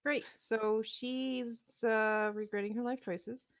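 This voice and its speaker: A woman running a tabletop game as game master, amused and quick to laugh at the dice. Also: on the high side, fairly even intonation, no echo.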